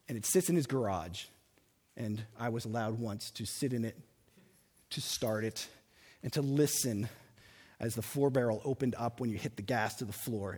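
Man, pastor, emphatic sermon, husky, long hall reverb. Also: mid-range voice. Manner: animated preaching with dramatic pauses and emphatic single words. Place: large church hall. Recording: reverberant sanctuary sound.

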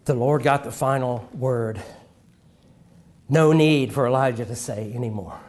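A middle-aged man preaching a sermon, with dramatic pauses and sudden drops to a hush. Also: mid-range voice.

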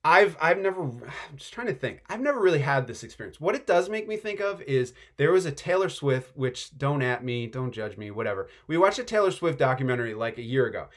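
A male pastor gives a conversational sermon with lots of energy, often stopping to say "like" and swinging from hushed to eager. His pitch moves all over the place, dipping low and then rising quickly. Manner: animated, chatty, excitable, uses filler "like".

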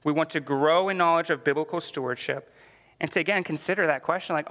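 A man's voice: a little high, fast, a bit bright, big-room sound. A man teaching a church Bible class in a conversational way, full of "like" fillers and questions to the class.

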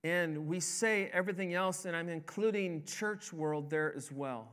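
A man's voice: a little high, a little slow, a bit bright, clean tone. A man preaching a sermon as a pastor, with an emphatic delivery that rises and falls. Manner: emphatic, rising and falling preaching cadence.

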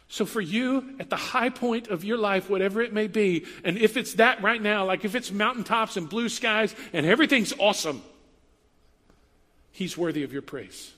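A man's voice: high-pitched, normal speed, sharp tone, big-room sound. A man giving a sermon as a pastor, speaking in a conversational style with emphatic repetition.

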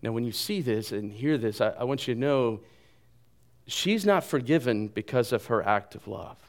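Animated preacher man with wide swings. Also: mid-range voice, normal speed. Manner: animated, jokes at himself, drops to soft voice for quotes. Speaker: pastor. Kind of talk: sermon.

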